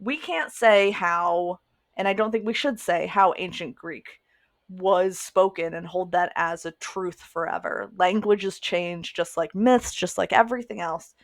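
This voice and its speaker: A woman chatting on a podcast, eager and quick with her opinions. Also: fairly low pitch, dry recording, clean studio sound. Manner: enthusiastic, quick, animated opinions. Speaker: podcast co-host or guest. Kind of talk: casual chat.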